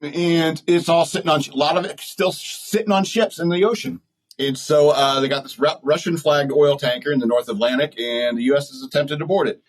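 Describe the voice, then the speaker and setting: A man's voice: a little high, steady tone, brisk, rough recording. A man hosting a podcast, talking in a blunt, rambling, opinionated way and laughing at his own jokes. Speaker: podcast host. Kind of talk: opinionated solo talk.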